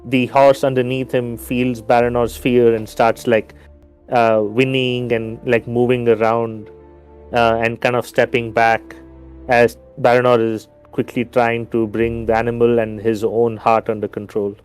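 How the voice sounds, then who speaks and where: A man narrates his character in a tabletop game, in a casual way full of fillers. His voice sits at an ordinary pitch, and soft music plays behind him. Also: flat delivery, measured pace, clear, resonant tone. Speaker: player. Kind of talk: tabletop role-play narration.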